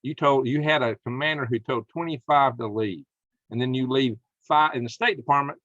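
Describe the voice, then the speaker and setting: A man's voice: mid-range voice, normal speed, a bit bright, no echo, lo-fi sound. A man hosting political commentary, reading news and reacting with indignation, often apologizing to his viewers.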